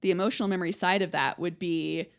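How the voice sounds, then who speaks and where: A woman's voice: lowish voice, steady tone, fast, gravelly. A young adult woman hosting an educational podcast, chatting casually and checking in with listeners as she explains. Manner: chatty, explains with analogies, checks in with "right?" and "okay?". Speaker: podcast host, speech-language pathologist.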